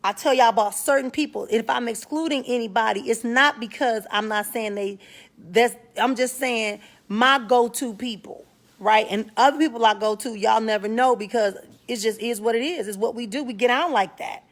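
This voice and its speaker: Woman w/ doing a casual spiritual talk stream, blunt and slangy, kinda high voice. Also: normal speed. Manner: frank, slangy, greets viewers by name mid-sentence. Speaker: spiritual talk show host.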